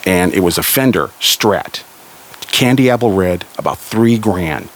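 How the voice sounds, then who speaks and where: A man from Southern California telling a family story in a casual spoken way, lively and raising his voice for the people he quotes. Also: measured pace. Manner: animated, raises pitch for quoted characters.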